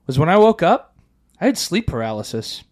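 A man's voice: on the high side, fairly quick. A man co-hosting a podcast, telling a story in casual chat, acting out voices, swearing and laughing often. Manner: animated, acts out quoted voices, swears a lot, laughs often. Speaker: podcast co-host.

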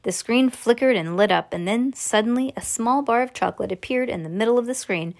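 Woman, reading a story aloud, plain narration, chatty asides, fairly high voice. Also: fairly quick, gravelly. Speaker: reader.

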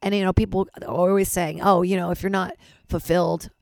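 A woman's voice: lowish voice, little pitch movement, a little fast, creaky, darkish tone, no room sound, studio quality. A young adult woman hosting a podcast, rambling candidly and self-deprecatingly with casual swearing, her voice a little worn. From Los Angeles-based. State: slightly lost voice. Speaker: podcast host. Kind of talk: candid personal monologue.

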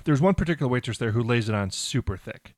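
Man, middle pitch, halting casual podcast chat, dry sound. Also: animated, dry recording. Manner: halting, restarts often, laughs easily. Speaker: podcast host.

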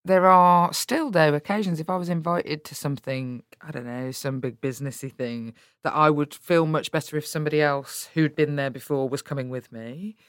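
A woman's voice: low voice, moderate pace, hardly any pauses, clear, resonant tone, dry recording, studio quality. A woman politician with a Birmingham English accent, talking candidly and bluntly in an interview, swearing freely. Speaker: politician guest.

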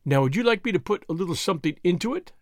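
A man's voice: sits high, animated, racing, dry recording, studio quality. A man reading an audiobook, voicing a sly, scheming male servant who speaks in a wheedling, conspiratorial way.

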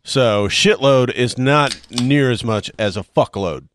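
A man's voice: mid-range voice, slow pace, a bit bright, slight background noise. A man co-hosting a podcast, laid-back and wry, swearing casually. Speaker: podcast co-host. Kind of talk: casual chat.

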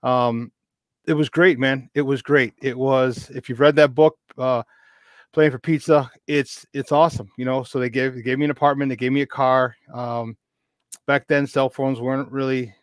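A man in his fifties, a podcast guest, telling a long casual story in an animated, rambling way with many restarts. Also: medium pitch, normal speed, clear, resonant tone, dry recording, studio quality. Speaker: podcast guest, football expert.

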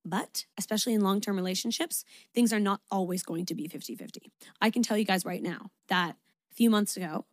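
A woman's voice: mid-range voice, brisk, dry recording, studio quality. A young woman hosting an advice podcast, talking candidly and emphatically, swearing freely and using lots of fillers. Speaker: podcast host.

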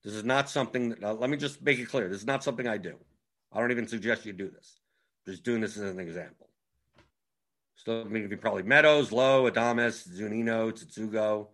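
A man's voice: lowish voice, a little fast, fairly bright tone. A man giving a casual tutorial on fantasy sports strategy, talking emphatically with frequent restarts.

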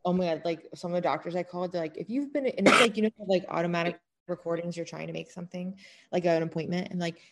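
A woman co-hosting a podcast, reacting quickly and chatting casually with a friend. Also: fairly low pitch, level tone. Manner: quick reactive responses, laughs along. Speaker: podcast co-host. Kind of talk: casual chat.

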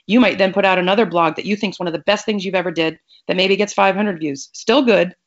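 A woman's voice: lowish voice, quick pace. A woman giving emphatic advice in a conversational podcast interview, often restarting her sentences. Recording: muffled lo-fi audio.

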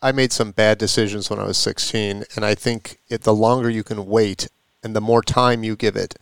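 A man's voice: lowish voice, steady tone, normal speed, creaky, clear, resonant tone, dry recording. A man co-hosting a live call-in show, chatting casually and making jokes. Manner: joking, conversational. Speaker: radio co-host.

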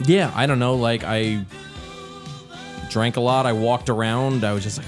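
A man's voice: mid-range voice, steady tone, normal speed, music in the background. A man co-hosting a podcast, talking in a laid-back, dry way and swearing casually. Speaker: podcast co-host. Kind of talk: casual chat.

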